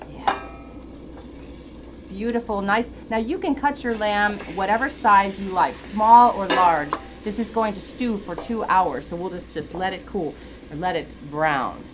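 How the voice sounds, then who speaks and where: A woman's voice: medium pitch, background noise. A woman guest chef giving a chatty cooking demonstration in a TV studio kitchen, explaining each step as she goes.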